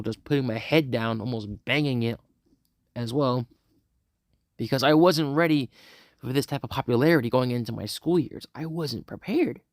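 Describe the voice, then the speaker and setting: A man's voice: mid-range voice, dry recording, clean studio sound. A young man casually telling a first-person fan story, rambling with many restarts, sighs and laughs.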